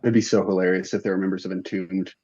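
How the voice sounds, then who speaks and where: A man who is a metal fan, talking as a guest on a casual comedy podcast with dry, deadpan jokes. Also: sits low, quick pace, dry recording, highs cut off. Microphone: headphones, remote line.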